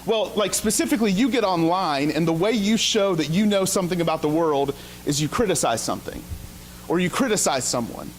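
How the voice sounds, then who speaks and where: A man's voice: sits high, expressive, brisk, slight background noise. Casual, wry preacher man. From Ohio. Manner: casual, self-deprecating, sarcastic asides. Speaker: pastor. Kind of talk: conversational sermon with storytelling. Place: church sanctuary.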